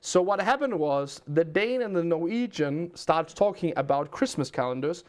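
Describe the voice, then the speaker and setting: A man's voice: on the high side, expressive, normal speed, clear, resonant tone. A man from Denmark with a Danish accent, a livestream host telling rambling stories and answering chat questions in casual chat.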